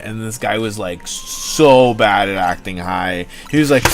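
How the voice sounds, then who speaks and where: A man's voice: on the low side, animated, normal speed, few pauses, faint music behind. A young man hosting a livestream, rambling and joking casually with his chat, swearing freely. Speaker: livestream host.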